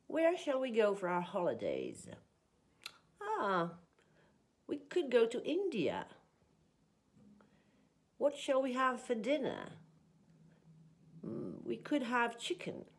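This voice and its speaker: Woman teacher going over english grammar, slow careful delivery, voice swings up and down a lot. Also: a little high, wildly swooping pitch. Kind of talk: language lesson with example sentences.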